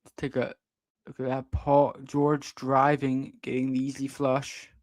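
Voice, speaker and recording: A young man provides amateur play-by-play commentary on a livestream, excitable and jumping suddenly in pitch on big plays. His delivery is unhurried, with no echo.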